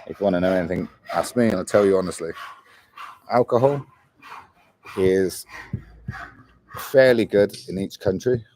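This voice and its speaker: A man's voice: low voice, moderate pace, long pauses, darkish tone. A man in his forties, a travel vlogger chatting casually on a livestream, rambling and calling his viewers mate. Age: 40s. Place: traveling in Argentina.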